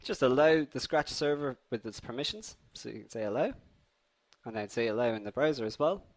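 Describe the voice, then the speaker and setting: Young male host for a live coding tutorial: animated, chatty, mid-pitched, mild cold. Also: a little fast. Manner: upbeat and chatty, addresses viewers as guys. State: has a slight cold. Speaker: coding instructor hosting a live class. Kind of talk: live online tutorial with viewer poll and questions.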